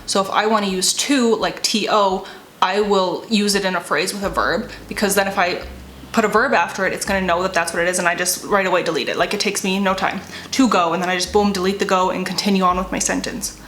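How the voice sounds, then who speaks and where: A woman's voice: mid-range voice, fairly even intonation, fast talker, a bit bright, roomy sound, slight background noise, low-quality recording. A woman writer and vlogger chatting casually to camera, rambling and self-deprecating, laughing often as she talks.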